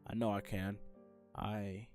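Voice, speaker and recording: A man's voice: lowish voice, little pitch movement, takes it slowly, darkish tone, faint music behind, pitched below the performer's own voice. A man reading the inner thoughts of a sad, anxious teenage schoolgirl from a game, in the first person, in his own everyday voice. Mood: gloomy. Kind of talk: game text read aloud.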